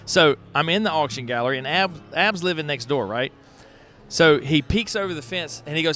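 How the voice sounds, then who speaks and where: A man hosting an unscripted festival walkthrough, excitable and folksy, talking straight to viewers on a handheld mic. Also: on the high side, a little fast, faint music behind. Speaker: host walking a pottery festival. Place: outdoor festival grounds. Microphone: handheld microphone.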